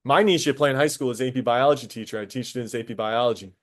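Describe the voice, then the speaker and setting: A man teaching a high school biology class, casual and talkative, stopping to quiz students directly. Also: fast talker. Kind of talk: classroom lecture.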